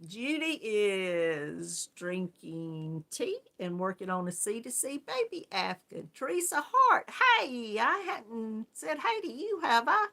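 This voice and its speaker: Chatty woman with gravelly, bright voice. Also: fairly high pitch, big pitch swings, takes it slowly, few pauses. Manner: chatty, friendly, laughs often. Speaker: yarn crafts channel host. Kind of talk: casual live-stream chat greeting viewers.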